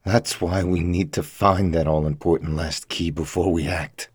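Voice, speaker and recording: A man's voice: sits low, fairly even intonation, normal speed, slightly rough, no room sound, clean studio sound. A man doing a frantic captive scholar. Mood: urgent. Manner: strained, pleading, raised voice. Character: panicked bound male scholar, desperate.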